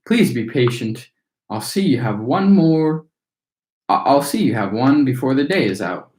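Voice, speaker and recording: A man's voice: medium pitch, animated, a little slow, a little mellow, close to an everyday voice. Mr Salt: a man doing a weary indulgent father. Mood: soothing. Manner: soothing, flustered. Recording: echoey room.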